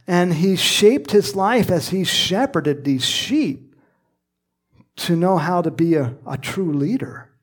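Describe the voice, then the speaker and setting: A man preaching a conversational sermon, acting out quoted lines and dropping at times to a whisper. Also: fairly high pitch. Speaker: pastor.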